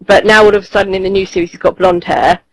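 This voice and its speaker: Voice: mid-range voice, level tone, fast talker, no room sound, poor audio. A podcast co-host, chatting casually and eagerly, with many ums and restarts. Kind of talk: casual chat reviewing comics.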